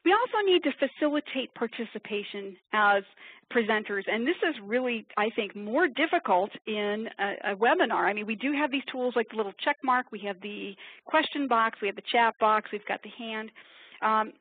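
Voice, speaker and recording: A woman from upstate New York presenting a webinar, talking quickly in a chatty, self-deprecating way. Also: on the high side, expressive, husky. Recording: tinny phone-like webinar audio.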